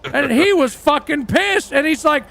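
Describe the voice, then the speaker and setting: A man playing a crude, high-voiced rock star. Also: lively intonation, measured pace, creaky, sharp tone, heavily acted. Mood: rambling. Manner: rambling, profane storytelling. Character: crude, boastful aging male rock singer. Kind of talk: role-play livestream.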